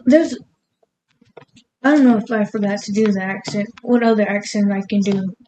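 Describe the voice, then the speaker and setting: At normal speed, a woman with a mid-range voice chats over background noise. Cooking in her home kitchen, this vlogger walks through her recipe in a loose, rambling way, laughing at herself now and then.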